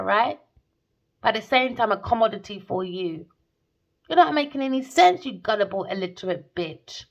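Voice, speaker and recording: A woman's voice: sits high, a bit bright. A woman doing a tarot reading as a scornful, sarcastic rant, swearing and calling people darling. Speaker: tarot reader.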